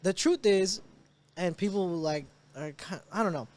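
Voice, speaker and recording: A man's voice: high voice, measured pace. A man chatting casually on a podcast, telling stories with lots of acted-out quotes, swearing and laughter. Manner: animated storyteller, acts out quoted people with swearing and laughs. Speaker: podcast co-host.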